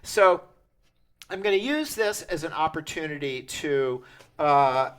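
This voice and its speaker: An older man leading a hands-on percussion workshop, talking in a chatty, halting way with many restarts. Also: fairly high pitch, expressive, a bit bright, clear, resonant tone. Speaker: percussion teacher. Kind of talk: interactive music workshop.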